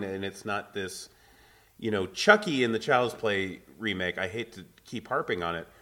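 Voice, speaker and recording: Male podcast co-host, lowish voice, wordy, self-correcting film talk. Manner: wordy, self-correcting, builds points in long lists. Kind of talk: casual movie review chat.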